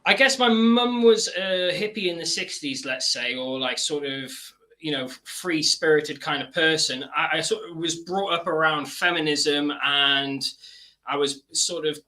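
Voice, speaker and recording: A man from northeast England speaking as a guest on a remote video call. His diction is careful and stage-trained, softened by frequent hedging fillers. His voice is very bright and cutting, a little high in pitch. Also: a little slow. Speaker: activist guest. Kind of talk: casual interview chat.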